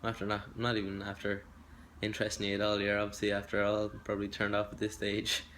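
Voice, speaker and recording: Hesitant young Irish man, flat low voice. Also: fast, slight background noise. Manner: hesitant and rambling, self-deprecating. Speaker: acting hopeful. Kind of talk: self-introduction audition video.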